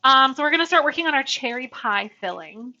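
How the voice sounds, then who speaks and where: Fairly quick and animated, this young streamer chats with viewers during her cooking livestream, her voice bright and forceful. She coos at her dog in a high baby voice now and then. Soft music plays under a dry, lo-fi recording.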